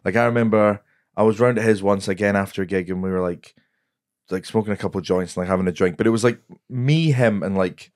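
Low-voiced comedian guy rambling through a story, swearing loads, dry sound. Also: quick pace, darkish tone, no room sound. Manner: swears freely, rambling with fillers and laughs. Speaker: guest comedian. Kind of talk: casual anecdote telling.

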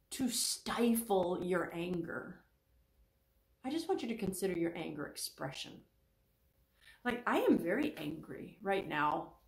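A woman teaching as a Christian counselor, animated and acting out the people she quotes. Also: vocal fry, echoey room. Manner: animated, acts out quoted speakers with pitch jumps. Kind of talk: teaching talk on faith and emotions.

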